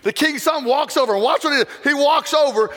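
A man's voice: very high voice, a little fast, fairly bright tone, in a large hall. A man telling a parable as a chapel sermon, with dramatic, swelling delivery. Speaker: chapel speaker. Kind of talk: sermon storytelling.

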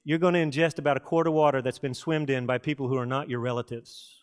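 A middle-aged man preaching a sermon from Texas, telling folksy stories with dramatic pauses and asides. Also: medium pitch, steady tone, a little hiss or hum. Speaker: pastor.

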